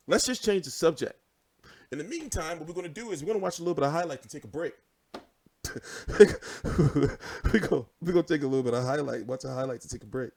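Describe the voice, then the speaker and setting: A man's voice: fairly high pitch, fast. A young man hosting a boxing show, swearing freely and telling stories with animation. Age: 20s. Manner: profane, animated storytelling. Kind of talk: casual livestream chat.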